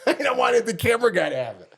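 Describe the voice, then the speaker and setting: With a very high voice and a fast delivery, a middle-aged podcast co-host tells a story in casual conversation. He narrates with animation, acting out the quoted people.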